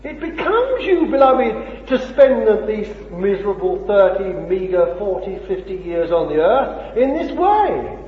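A man preaching a sermon, impassioned, with rhetorical questions, swinging between loud and hushed. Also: high-pitched, very animated, a little slow, few pauses. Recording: dull old recording in an echoey hall.

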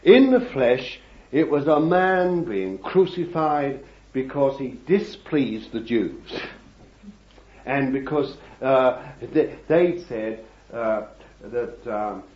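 Preacher, slow and dramatic. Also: male voice, medium pitch. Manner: expressive preaching, swinging from hushed to loud; addresses listeners as beloved, reads scripture aloud. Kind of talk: sermon. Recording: dull, echoey old recording.

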